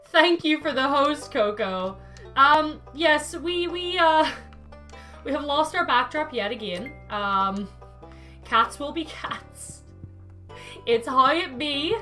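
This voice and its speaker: A woman's voice: high voice, animated, slow pace, pushed and bright, soft background music. A woman, chatting playfully as a streamer, laughing often and talking to her cat and her chat. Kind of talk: casual gaming stream chat.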